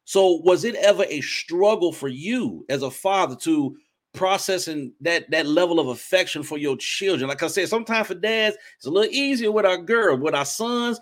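A man's voice: high-pitched, lively intonation, moderate pace. A man in his forties hosting a faith interview, talking in an earnest, preacherly way and often repeating himself. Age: 40s. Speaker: interview host. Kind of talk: casual interview chat.

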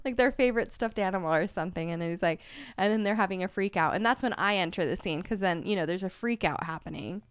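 A woman's voice: mid-range voice, fast talker, few pauses, clean tone, no echo, clean studio sound. A woman co-hosting a casual podcast chat, telling stories about her kids in a rambling way. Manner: rambling storyteller, many "like" fillers. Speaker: podcast co-host.

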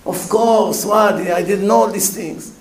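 A man voicing a young secular man weeping in remorse, high, choked and pleading. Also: fairly even intonation, measured pace, echoey room, low-quality recording. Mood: remorseful.

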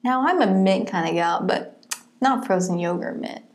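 A woman's voice: mid-range voice, animated, normal speed. A young woman co-hosting a casual chat podcast, chatty and full of filler words. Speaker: podcast co-host.

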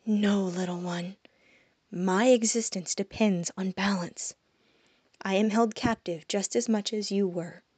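Woman doing a hushed, secretive female demon. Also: steady tone, measured pace, slightly rough, dry recording. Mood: solemn. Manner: low, hushed, often whispered.

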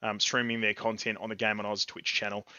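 A man in his thirties with an Australian accent, co-hosting a casual streamed gaming podcast in a rambling, excitable way. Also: on the low side, a little fast, dry recording, highs cut off. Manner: rambling and excitable, with fillers and laughs. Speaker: podcast co-host.

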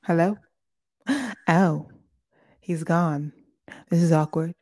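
A woman's voice: low-pitched, fairly even intonation, slow, warm tone. A young woman from Oakland, California, hosting a podcast in a casual, playful chat and laughing often. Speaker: podcast host.

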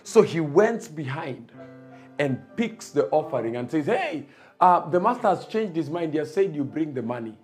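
A man's voice: on the high side, lively intonation, normal speed, faint music behind. A man preaching a sermon, emphatic and repetitive, building his points.

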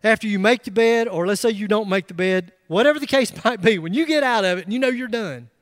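High-voiced middle-aged male pastor, emphatic sermon delivery with loud peaks and humorous asides, dry close sound. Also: fast talker, no room sound. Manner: emphatic, rising to loud bursts with joking asides.

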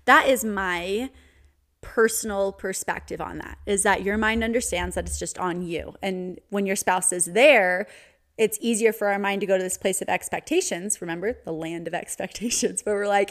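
A woman's voice: medium pitch, normal speed, fairly bright tone. Woman, 30s, solo podcast host; casual, candid delivery with frequent laughs, mid-range voice. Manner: chatty, candid, laughs often.

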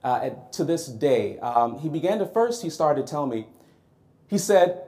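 Storytelling male preacher, slightly high voice. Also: unhurried. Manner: lively, conversational, acts out his own reactions. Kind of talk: storytelling sermon.

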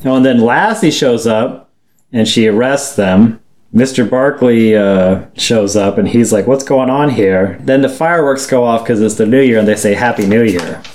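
A man's voice: mid-range voice, moderate pace, darkish tone. Matter-of-fact man summarizing a book. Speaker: podcast co-host. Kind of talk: casual podcast chat, reading from a book.

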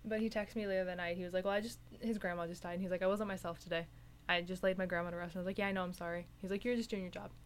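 A woman's voice: on the low side, steady tone, very fast, slight background noise. A young woman who works stocking shelves, telling a story in a rambling, profane way with lots of "like.". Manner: rambling, filler-heavy, profane. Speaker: retail stocker. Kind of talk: casual venting chat.

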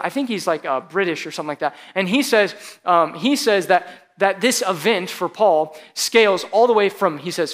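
High-voiced man preaching casually. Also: a bit bright. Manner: casual, chatty preaching with frequent "like" and audience banter. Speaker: pastor. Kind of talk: conversational sermon. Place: church service before a live congregation.

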